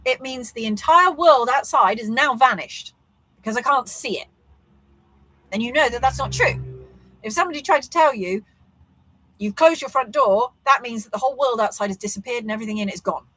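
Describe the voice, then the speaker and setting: A woman's voice: fairly high pitch, a bit bright, no echo, rough recording. A woman, speaking straight to camera, coaching on manifesting in an earnest, reflective way and asking lots of rhetorical questions. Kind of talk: talking-to-camera motivational vlog.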